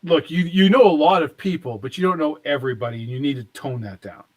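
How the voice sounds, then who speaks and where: A man's voice: on the high side, fast talker, natural voice. A man doing a blunt, fed-up boss. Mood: challenging. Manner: blunt, challenging. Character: skeptical, exasperated man who is a boss.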